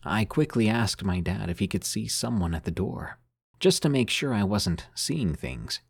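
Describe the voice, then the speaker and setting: A man reading listener-sent scary stories aloud as a narrator, in a measured storytelling delivery that sinks quieter on the eerie lines. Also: on the low side, expressive, vocal fry, slightly rough, no echo, clean studio sound.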